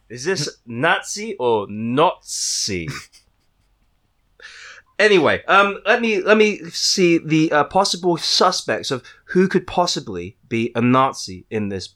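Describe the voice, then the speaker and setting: A man's voice: on the high side, lively intonation, measured pace, few pauses, a bit bright. A man hosting a casual book-discussion podcast, joking and rambling with fillers and restarts.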